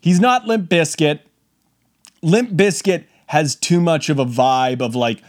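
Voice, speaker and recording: A man hosting a podcast, telling a comic story in a casual, animated way and acting out the quotes. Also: fairly high pitch, a little slow. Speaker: podcast host.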